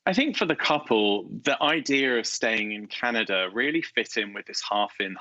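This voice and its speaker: A man with a low, bright, forceful voice gives measured, articulate answers as an interviewed author. The sound is dry and a little muffled, like a remote call. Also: dry recording. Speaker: guest author.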